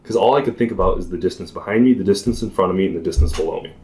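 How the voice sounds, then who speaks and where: A young man chats as a podcast guest, telling a long story with animated energy and plenty of filler words. His voice sits a bit low, and he laughs often as he talks. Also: racing, slight background noise. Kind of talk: casual storytelling chat.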